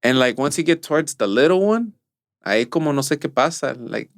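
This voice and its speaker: In a studio-quality recording with no echo, a young podcast co-host from Mexico shares work stories in casual conversation, slipping Spanish phrases into his storytelling. He speaks fairly quickly and animatedly in a mid-range voice.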